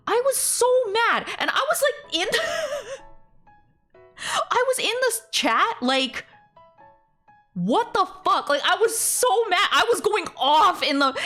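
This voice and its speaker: A woman's voice: extremely high pitch, bright, forceful tone. A woman streamer chatting casually, ranting animatedly, laughing often and swearing freely.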